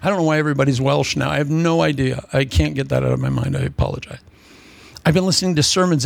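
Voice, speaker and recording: Sarcastic gravelly preacher man. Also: a little high, fast. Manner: sarcastic, animated, mock voices. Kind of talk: humorous sermon.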